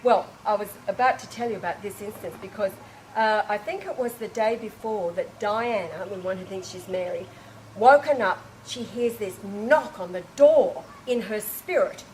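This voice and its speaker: A woman telling an emotional personal anecdote to a small group, animated and exclamatory, with frequent restarts and laughing or tearful breaks. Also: mid-range voice, normal speed, a little hiss or hum, rough recording. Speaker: storyteller recounting an experience to a small group.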